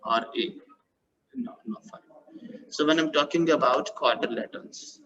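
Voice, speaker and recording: A man's voice: fairly high pitch, expressive, normal speed, sharp tone. A man teaches maths in a live online class. He repeats his phrases, corrects himself as he goes and praises his students. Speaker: maths tutor. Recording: dull lo-fi online call audio.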